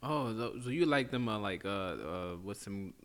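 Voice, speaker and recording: A man's voice: on the low side, lively intonation, moderate pace, a bit bright. A man hosting an improvised comedy chat, playful and laughing, with loose slangy talk. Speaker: comedy host interviewing characters.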